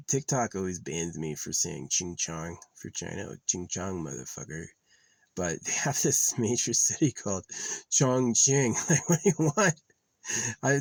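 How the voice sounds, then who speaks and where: A man with a deep voice and a gravelly, creaky edge, drifting loosely from one thought to the next as if chatting to himself. He swears freely and talks off the cuff. The sound is close and dry, with no room around it. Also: no room sound, rough recording. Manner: meandering, profane, off-the-cuff. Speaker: vlogger. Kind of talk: casual rambling monologue.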